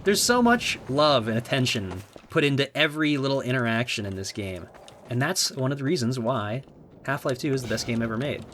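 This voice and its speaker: A young man giving casual gameplay commentary as a YouTuber, excitable and sarcastic, swearing often. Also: mid-range voice, a little fast, slight background noise. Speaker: gaming YouTuber.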